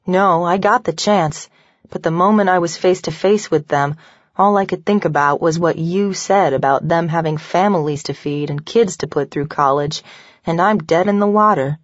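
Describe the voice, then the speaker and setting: Woman narrator reading tired professional woman, blunt and wry, low voice, muffled dry recording. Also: moderate pace, dry recording, lightly acted. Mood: weary. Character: weary, frank professional woman, dry humored. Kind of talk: audiobook dialogue.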